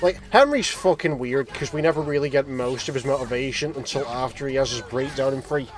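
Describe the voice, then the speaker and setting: A man's voice: mid-range voice, brisk. A man doing casual let's-play commentary, teasing and swearing as he rambles. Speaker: co-host of a gaming stream.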